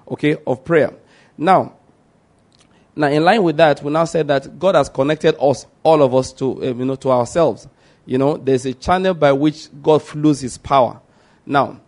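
A man's voice: mid-range voice, darkish tone. A man preaching a sermon, reading from scripture and repeating his points, often asking the listeners if they understand.

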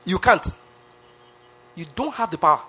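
A Nigerian-accented pastor preaching a sermon with emphatic repetition, often asking the congregation questions. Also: male voice, high voice, expressive, normal speed, bright, forceful tone, slightly rough. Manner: emphatic, repeats phrases, asks the crowd questions.

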